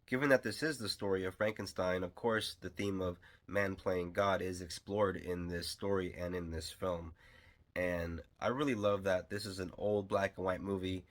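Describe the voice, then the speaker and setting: Low-voiced man rambling through a film review. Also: steady tone, normal speed. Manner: loose and rambling, with many fillers and restarts; enthusiastic fan. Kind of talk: casual spoken film review.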